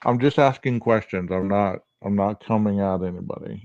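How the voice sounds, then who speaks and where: A man's voice: on the low side, moderate pace, a little mellow, no room sound, highs cut off. A man hosting a podcast, arguing a true-crime case in casual talk with a heavy early-morning voice and lots of rhetorical questions. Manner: argumentative, asks rhetorical questions. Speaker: podcast host.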